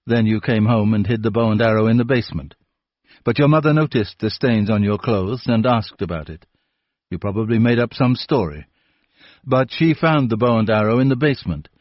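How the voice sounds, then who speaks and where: Man reading a calm patient detective, measured, probing, dull dry audio. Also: fairly low pitch, no room sound, close to an everyday voice. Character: calm patient older male police inspector.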